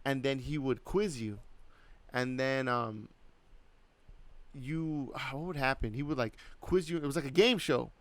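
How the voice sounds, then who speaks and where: A man's voice: medium pitch, a little slow, no room sound. A man in his thirties co-hosting a podcast, telling a long story in casual chat, packed with "like" and swearing. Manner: rambling, heavy use of "like", swears freely. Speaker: podcast co-host.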